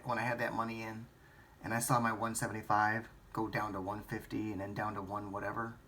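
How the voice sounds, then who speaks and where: A stock trading vlogger thinks aloud about a trade, rambling, questioning himself and swearing at times. His lowish voice sounds pushed and bright, and there's a little hiss or hum.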